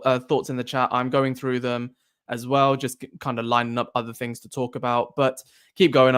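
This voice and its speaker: Chatty Irish man hosting a live stream. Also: mid-range voice. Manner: chatty, reads viewer comments aloud and answers them. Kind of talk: casual live-stream chat.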